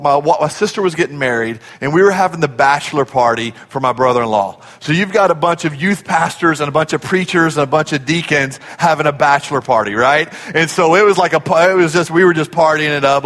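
A man preaching a sermon in a church, telling stories in an animated way and acting out the voices in them. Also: a little high. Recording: long hall reverb.

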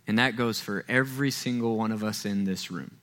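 A man preaching a sermon in a church, talking casually, acting out quoted voices and getting louder and higher when he stresses a point. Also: a little fast. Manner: conversational, acts out quoted voices, rises loud and high when stressing. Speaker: pastor. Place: church sanctuary.

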